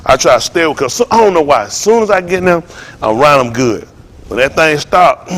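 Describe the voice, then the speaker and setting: A man preaching to a congregation in a joking, storytelling way, laughing and shouting often. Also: fairly high pitch, lively intonation, brisk, noisy background. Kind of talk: comic sermon talk to a congregation.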